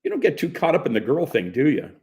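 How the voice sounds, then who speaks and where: A man's voice: fairly high pitch, huge pitch swings, fast talker, darkish tone, pitched above the performer's own voice. A man reading the part of a blunt young man who wisecracks at his friends. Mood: casual.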